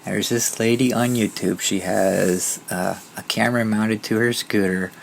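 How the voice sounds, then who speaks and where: A man's voice: lowish voice, steady tone, a little slow, gravelly, rough recording. A man who drives a mobility scooter tells a rambling, casual vlog story with frequent restarts. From Southern Ontario, Canada. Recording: loud background ambience noise.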